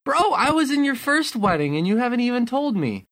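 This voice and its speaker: A man's voice: very high voice, very animated, fairly quick, a bit bright. A man co-hosting a casual podcast, teasing and cracking jokes. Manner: wisecracking, teasing. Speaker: podcast co-host.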